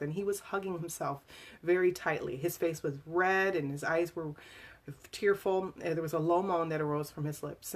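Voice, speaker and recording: A woman reading aloud from her own memoir to a live audience, emotional and halting, with fillers and restarts. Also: fairly low pitch.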